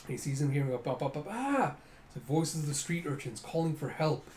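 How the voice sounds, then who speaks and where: A man casually reading through a comic, describing the panels in a lively way and acting out the lines. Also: medium pitch, fast talker. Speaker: reader of a comic. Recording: roomy echo, faint noise.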